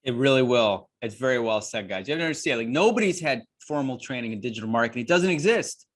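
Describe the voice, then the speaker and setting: A man's voice: medium pitch, animated, fast talker. A man hosting an interview, talking emphatically and addressing his listeners as guys. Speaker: host and course creator.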